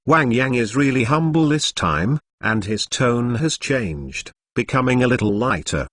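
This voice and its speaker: A man's voice: medium pitch, expressive, measured pace, hardly any pauses, dry recording. A man reading a translated novel aloud as scripted narration, reading spelled-out interjections letter by letter. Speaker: audiobook narrator.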